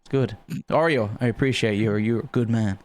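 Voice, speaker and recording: This Irish man co-hosts a casual gaming stream in a relaxed, everyday voice. He swears freely and bursts out loudly when something surprises him. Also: mid-range voice, fairly quick. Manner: swears freely, loud excited outbursts. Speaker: streamer and co-host.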